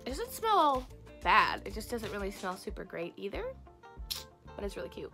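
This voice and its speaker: Bright, gushing young woman unboxing. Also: medium pitch, moderate pace, soft background music. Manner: gushing, excitable, lots of gasps and "so cute". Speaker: craft and squishy channel host. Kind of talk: casual unboxing vlog.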